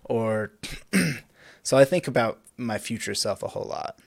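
Young adult male guest, relaxed and chuckly, dry close mic. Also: mid-range voice, unhurried, gravelly, no echo. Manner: laid-back, laughs often, filler-heavy. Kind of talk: casual podcast chat.

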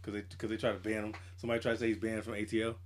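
Animated slangy man telling stories. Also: lowish voice, very fast. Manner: animated storytelling, slangy, acts out quotes. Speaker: podcast co-host. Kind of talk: casual chat.

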